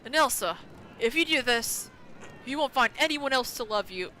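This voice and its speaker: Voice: medium pitch, animated, normal speed, sharp tone, a little hiss or hum. A streamer reading the lines of a cruel, domineering middle-aged village patriarch from a game, in a scornful, threatening manner. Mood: contemptuous.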